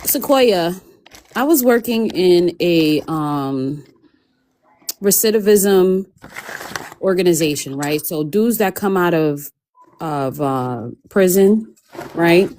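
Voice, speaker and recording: Casting: woman, slightly low voice, lively storyteller. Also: takes it slowly, pauses often, a little hiss or hum. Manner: animated storyteller, wide swings into mock voices. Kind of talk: casual storytelling chat.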